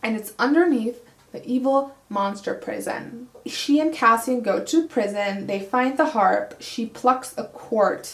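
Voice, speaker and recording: A woman's voice: on the high side, unhurried, vocal fry. A woman giving a casual, humorous book recap with sarcastic, playful asides. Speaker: book vlogger. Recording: echoey room.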